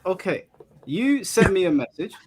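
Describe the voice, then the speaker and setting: A man's voice: sits high, sing-song, normal speed, slight background noise. Blunt, exasperated man hosting. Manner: blunt, exasperated, keeps cutting back in. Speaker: podcast host. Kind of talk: heated casual discussion.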